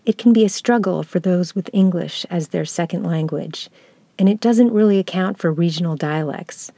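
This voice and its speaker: A woman from the United States, a lecturer, reading a reflective essay aloud in a slow, measured, contemplative way. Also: on the low side, vocal fry, mellow, dry recording.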